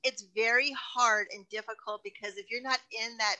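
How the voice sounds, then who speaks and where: A woman's voice: on the high side, steady tone, normal speed, sharp tone, low-quality recording. A middle-aged woman hosting a casual interview, chatty and laughing easily. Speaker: host.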